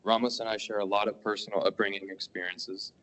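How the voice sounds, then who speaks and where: A teenage boy, a high school student, giving earnest public comment at a school board meeting and stumbling over his words as he goes. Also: flat delivery, quick pace, fairly bright tone, low-quality recording. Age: teens. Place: meeting hall.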